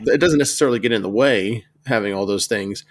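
A man with a fairly low voice co-hosts a tabletop gaming podcast. He talks thoughtfully, pausing and hedging as he goes. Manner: thoughtful, hesitant, many fillers. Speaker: podcast co-host. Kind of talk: casual chat.

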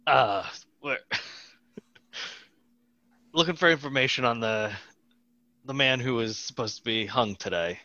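A man's voice: mid-range voice, slow, pauses often, bright, forceful tone. A man playing a tabletop game, speaking in a laid-back way and often laughing. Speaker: player. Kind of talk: in-character tabletop play. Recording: dull lo-fi mic.

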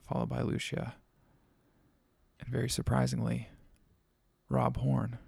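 A man narrating a spooky story in a measured, dramatic manner. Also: mid-range voice, creaky, dark tone, slightly rough, no room sound.

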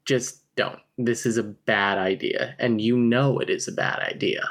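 A man's voice: mid-range voice, fairly even intonation, unhurried, fairly bright tone, lightly acted. Man reading as a blunt, disapproving young man. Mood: stern. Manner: blunt, warning line reading.

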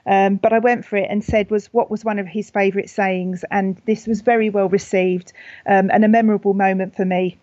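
A woman with a British accent, a funeral celebrant, talking in a gentle, thoughtful way with frequent ums and restarts in a podcast interview. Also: mid-range voice, little pitch movement, brisk, no echo, muffled recording.

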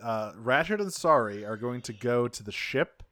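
A man's voice: medium pitch, lively intonation, normal speed, pushed and bright, no echo, studio quality. A man co-hosting a podcast, recapping a cartoon episode in casual chat, swearing freely and laughing as he goes. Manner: loose, swears often, laughs while talking. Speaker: podcast co-host.

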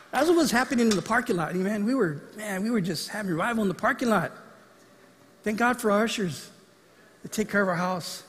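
Animated pastor preaching in a reverberant hall. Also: male voice, high voice, quick pace, a little hiss or hum. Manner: animated, acts out quoted lines. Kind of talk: sermon. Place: church sanctuary.

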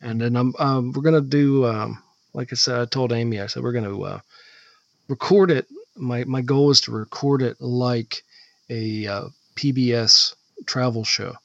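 A man with a gravelly, bright-edged voice chats casually as a podcast co-host. He rambles and restarts his sentences. The recording is slightly dull and lo-fi. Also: medium pitch, fairly even intonation, no room sound. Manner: rambling, halting, hesitant. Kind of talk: casual chat.

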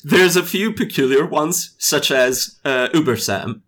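A man's voice: on the high side, animated, unhurried, fairly bright tone. A male game developer chatting casually in an interview, hesitant, with many fillers and restarts. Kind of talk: casual chat.

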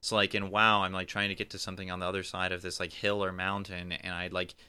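Bright-voiced man rambling in casual chat. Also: deep voice, flat delivery, quick pace, smooth. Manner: rambling, many likes. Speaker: podcast co-host.

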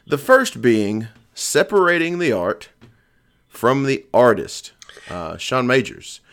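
A man's voice: medium pitch, sing-song, slow pace, fairly bright tone. A man in his thirties hosting a casual podcast, rambling and joking with plenty of ums. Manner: rambling, jokey, lots of ums. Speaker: podcast host.

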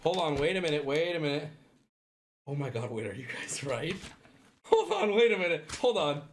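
A man hosting a livestream, talking straight to his chat in a casual, animated way and swearing freely. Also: on the high side, a little fast, a little hiss or hum. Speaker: livestream host.

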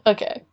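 A young woman co-hosts a casual podcast, her voice sitting a little high as she talks. She gushes with excitement and swears freely. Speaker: podcast co-host. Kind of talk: casual chat.

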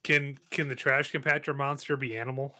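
Bright-sounding guy, dry mic, quick playful chat. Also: mid-range voice, level tone, dry recording. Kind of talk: casual podcast chat.

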